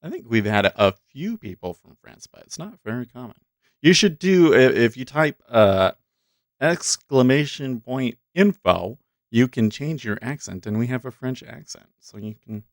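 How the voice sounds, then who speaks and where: A man with a medium-pitched voice hosts a day-trading livestream, chatting casually with viewers at his desk mic and thinking out loud between comments. The audio is clean studio sound with no room noise.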